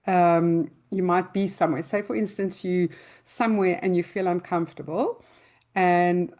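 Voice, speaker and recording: An older woman hosting a parenting advice show and answering listener questions, calmly explaining with everyday examples in loose, conversational speech. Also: fairly low pitch, a little slow. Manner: loosely spoken, with restarts and fillers.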